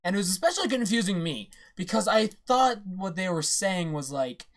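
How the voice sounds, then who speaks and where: A reaction-video host in casual commentary who reads comic dialogue aloud, rants excitedly and swears freely. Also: mid-range voice, normal speed.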